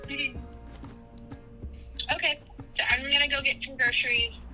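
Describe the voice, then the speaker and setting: A woman's voice: sits high, steady tone, measured pace, bright, forceful tone, faint music behind, rough recording. A young adult woman talking casually with her spouse, rambling and hesitant with many fillers. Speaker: streamer's spouse. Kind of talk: casual conversation.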